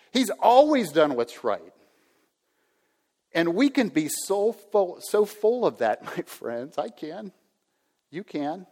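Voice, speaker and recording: A man's voice: a little high, a little mellow. A man in his sixties preaching a sermon, earnest, now and then acting out a self-important inner voice. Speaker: pastor. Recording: reverberant hall.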